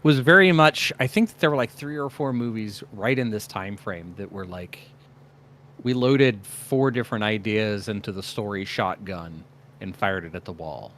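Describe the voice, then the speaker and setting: A man from Indiana co-hosting a podcast, speaking in a measured, halting, thoughtful way. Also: lowish voice, a bit bright, a little hiss or hum. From Indiana, US Midwest. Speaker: podcast co-host. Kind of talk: casual chat.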